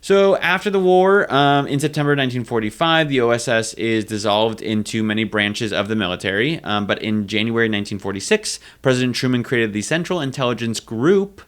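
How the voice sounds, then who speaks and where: A man's voice: mid-range voice, brisk, hardly any pauses, a bit bright. Chatty young man co-hosting a podcast. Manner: chatty, many fillers, playful asides. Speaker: podcast co-host. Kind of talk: casual chat presenting history.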